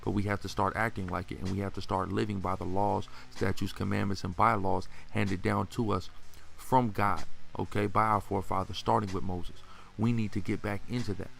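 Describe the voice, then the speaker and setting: A man's voice: low voice, level tone, a little fast, gravelly, fairly bright tone. A man preaching and quoting scripture in a declamatory way.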